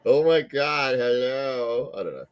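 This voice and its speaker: A man's voice: mid-range voice, lively intonation, measured pace, smooth. A man co-hosting a podcast, jokingly reading out viewer comments in casual chat. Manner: jokey, laughs often, reads comments aloud. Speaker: podcast co-host.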